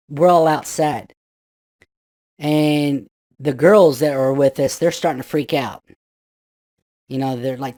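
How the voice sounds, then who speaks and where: Man telling a ghost story, animated. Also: fairly high pitch. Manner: animated, acts out friends' voices, rambling with restarts. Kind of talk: casual spoken ghost story.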